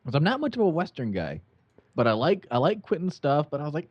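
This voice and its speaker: A man's voice: on the high side, big pitch swings, fast talker, husky, dry recording. An easygoing man chats on a podcast with a lot of rise and fall in his voice, poking a little fun at himself. The sound is dry, with no room at all, and muffled like a lo-fi recording. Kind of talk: casual podcast chat.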